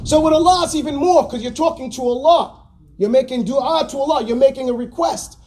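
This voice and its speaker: A man teaching a class, animated and stop-start, having students repeat words after him. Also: very high-pitched, brisk, slight background noise. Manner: stammers and restarts often. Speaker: teacher of Quran exegesis class. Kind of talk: classroom lesson.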